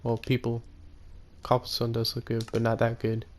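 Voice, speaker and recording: A man casually commenting on his own gameplay, rambling and correcting himself, often speaking quietly. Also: medium pitch, completely flat delivery, moderate pace, slight background noise. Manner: rambling, self-correcting, soft-spoken. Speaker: gaming YouTuber.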